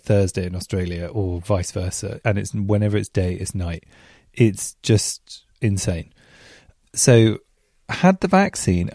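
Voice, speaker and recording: Male podcast host, lowish mellow voice, chatty storyteller given to self-mocking rhetorical questions. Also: dry recording, clean studio sound.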